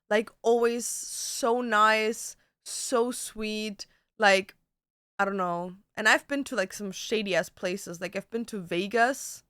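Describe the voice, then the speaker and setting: A woman's voice: medium pitch, a bit bright, clean tone, no room sound, clean studio sound. A young woman chatting casually on a livestream, peppering her talk with "like" and swearing. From Germany. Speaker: streamer. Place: home.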